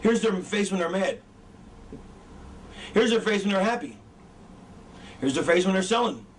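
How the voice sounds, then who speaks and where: A man with a high voice gives a loose, swearing talk to students and keeps losing his thread. He sounds set back from the mic. A faint wash of noise sits under him. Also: expressive, normal speed. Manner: rambling, loses his train of thought, swears a lot. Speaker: wrestling trainer. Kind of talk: casual profane lecture. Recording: distant mic with background noise.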